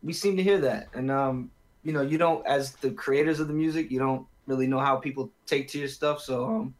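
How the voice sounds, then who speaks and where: A man's voice: medium pitch, steady tone, a little fast, poor audio. Laid-back man with lots of fillers. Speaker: guest musician. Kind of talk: casual podcast chat.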